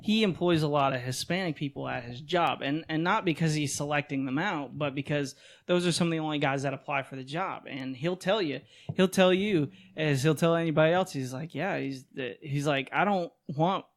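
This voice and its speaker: Higher-voiced man in loose podcast chat. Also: brisk, few pauses. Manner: loose, rambling and profane, with frequent restarts. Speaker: podcast co-host. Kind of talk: casual chat.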